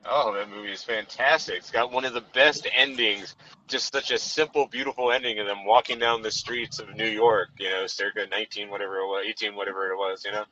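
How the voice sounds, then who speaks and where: Man, bright forceful voice, casual film chat, rambling with fillers, dull lo-fi sound. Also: fairly low pitch, steady tone, brisk. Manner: rambling, frequent "you know" fillers. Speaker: podcast co-host. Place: in a car while driving. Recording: dull lo-fi sound with faint background noise.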